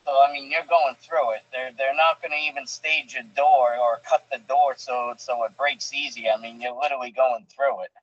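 A man's voice: mid-range voice, steady tone, moderate pace, hardly any pauses, a bit bright, highs cut off. A man who wrestles professionally tells stories in a casual interview, bluntly, with lots of fillers and restarts.

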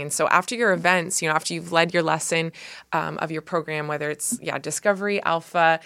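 Low-voiced earnest woman co-host. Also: steady tone, a little fast, vocal fry, a bit bright. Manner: earnest, many fillers and restarts. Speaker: podcast co-host. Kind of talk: casual ministry discussion.

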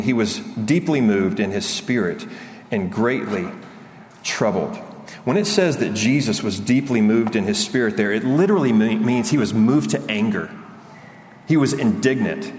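A man preaching a sermon in an earnest way, rising and quickening with fervor, then dropping low on key lines. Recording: echoey hall, faint background noise.

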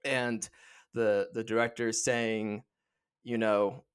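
A man's voice: mid-range voice, level tone, measured pace, clean tone. A man co-hosting a podcast, chatting casually about a movie and retelling scenes with frequent restarts. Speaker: podcast co-host. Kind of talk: casual chat, film discussion.

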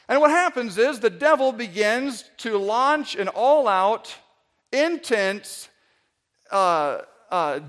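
High-voiced storytelling preacher. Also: male voice. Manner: storytelling, animated, stammers and repeats words. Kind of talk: sermon.

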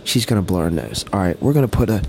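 A young man co-hosting a casual podcast, gentle and reassuring, with loose slangy talk. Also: sits low, expressive, fast talker, vocal fry, a little hiss or hum. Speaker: podcast co-host.

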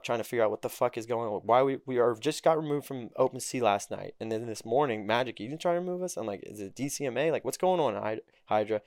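A young man spins a story in loose, profane casual talk. He keeps jumping into quoted dialogue with lively swings of pitch. The sound is close and dry, with no room around it. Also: dry recording. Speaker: podcast guest.

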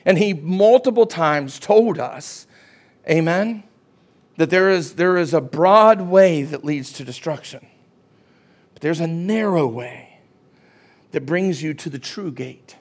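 A man preaching a sermon as pastor, often asking "Amen?" and rising to a shout at his climaxes. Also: on the high side.

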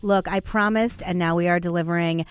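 A woman's voice: on the low side, fairly even intonation, a little fast, clean tone. A woman in her thirties hosting a podcast, chatting casually with her guests and using many fillers. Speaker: podcast host. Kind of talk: casual interview chat.

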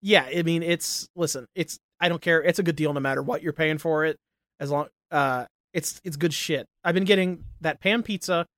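A man's voice: on the high side, normal speed, fairly bright tone, dry recording, clean studio sound. A young man co-hosting a podcast, wry and teasing in laid-back casual chat. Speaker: podcast co-host.

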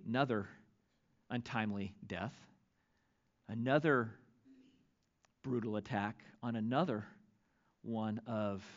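A male pastor preaching a sermon, reading scripture aloud with dramatic, expressive delivery. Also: medium pitch, highs cut off.

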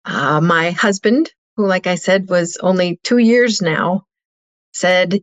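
A woman's voice: on the low side, slow, dull audio. A middle-aged woman telling a painful personal story as an interview guest, earnest and heartfelt.

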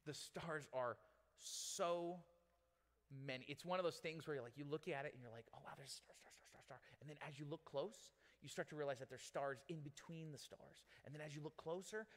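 Long hall reverb surrounds a male pastor whose fairly high voice moves briskly. His sermon feels like a chat: lively, conversational, and full of jokes aimed at the audience.

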